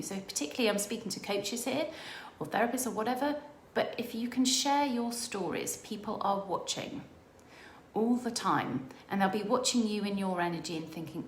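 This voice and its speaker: A middle-aged woman speaks in a mid-range voice, talking fast and with enthusiasm as she coaches. She tells animated stories and jumps into excited quoted voices. The room around her is echoey. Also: mid-range voice, slight background noise. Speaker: business coach. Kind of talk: motivational monologue.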